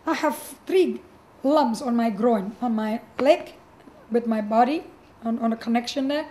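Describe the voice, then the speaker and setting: A middle-aged woman pastor with a high voice tells her own story. She speaks animatedly, often restarting her sentences and acting out what others said. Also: a little slow. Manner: animated, acts out quoted voices, frequent restarts. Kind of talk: personal testimony storytelling.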